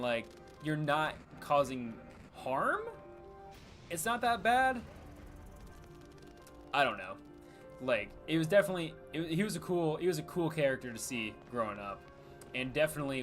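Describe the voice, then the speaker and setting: A man's voice: on the high side, fairly bright tone. A young man casually chatting while streaming a game, rambling and full of fillers, laughing easily. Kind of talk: casual live gameplay commentary.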